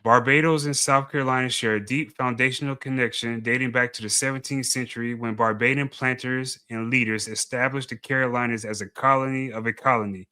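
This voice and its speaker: A man's voice: mid-range voice, fairly even intonation, a little fast, few pauses, sharp tone, clean tone. A man giving blunt, dismissive commentary, often repeating himself as he argues. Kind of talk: opinionated commentary video.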